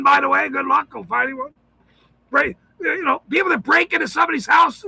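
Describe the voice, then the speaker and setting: A man giving rambling, profane commentary, shouting and swearing often and laughing a lot as he talks. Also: very high-pitched, vocal fry, rough recording.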